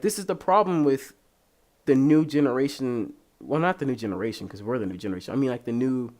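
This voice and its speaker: A young man hosting a podcast in casual chat, rambling and swearing freely. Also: medium pitch. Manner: animated, profane, rambling. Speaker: podcast host.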